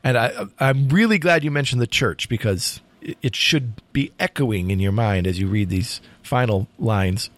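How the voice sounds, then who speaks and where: Brief: male podcast host, mid pitch, emphatic, dry close mic. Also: moderate pace, no echo. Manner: earnest, emphatic agreement. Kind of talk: casual literary discussion.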